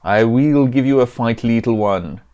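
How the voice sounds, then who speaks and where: A man's voice: medium pitch, a little slow, mellow, clean tone, lo-fi sound, natural voice. A boastful pizza elemental monster from a video game, talking in a hammy, made-up Italian-style accent, as a man puts it on. It speaks with a mid-range voice. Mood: mocking.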